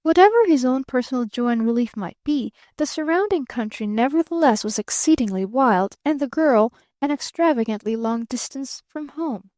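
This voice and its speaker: A woman narrates a classic novel in an expressive storybook manner. Her voice sits fairly high, and the recording is dry and close with no room sound. She reads with steady, lively phrasing. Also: normal speed, hardly any pauses, no room sound. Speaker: audiobook narrator. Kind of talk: scripted narration.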